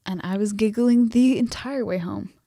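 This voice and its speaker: A young woman spins a story on a podcast, lively and giggly, jumping into quoted voices. Her voice is clear and sits in a middle register. The sound is dry and close to the mic. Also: medium pitch, moderate pace, dry recording. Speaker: podcast co-host. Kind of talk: casual storytelling chat.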